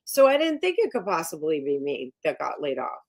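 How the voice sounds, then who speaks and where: A woman's voice: sits low, huge pitch swings, brisk, a little mellow. A middle-aged woman executive coach, a guest on a podcast, who talks emphatically with many fillers and restarts. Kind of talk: podcast interview.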